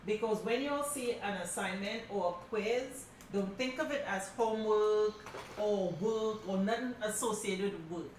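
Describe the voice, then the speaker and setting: A middle-aged woman teaching a crafting class, telling stories in a casual, animated way and calling her students y'all. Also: mid-range voice, a little slow, slight background noise. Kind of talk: casual class talk, storytelling. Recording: very echoey room from a distance.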